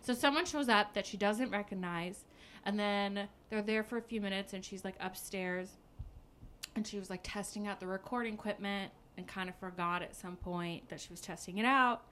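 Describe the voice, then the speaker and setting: A young woman retells a story in casual chat, slipping into quick acted-out voices for the characters. Her voice is bright and forward, with a faint hum of background noise. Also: medium pitch. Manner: animated storytelling, acts out characters' lines, frequent "like". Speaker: podcast co-host recapping a book.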